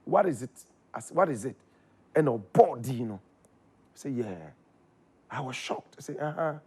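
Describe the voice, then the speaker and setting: A man with a Ghanaian accent telling his story in casual chat, animated, his voice jumping up when excited. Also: mid-range voice, moderate pace, slightly rough. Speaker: guest.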